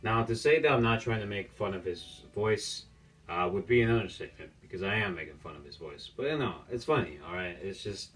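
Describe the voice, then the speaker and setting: A man's voice: on the low side, expressive, fairly quick, a bit bright. A young man giving casual, mocking reaction commentary as a YouTuber, joking and ranting about the clips he watches. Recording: distant mic with faint music.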